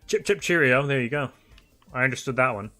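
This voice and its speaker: A young man chatting casually on a game livestream, reading viewer messages aloud, talkative and animated with frequent laughter. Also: medium pitch, brisk, faint music behind. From United Kingdom. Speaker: streamer.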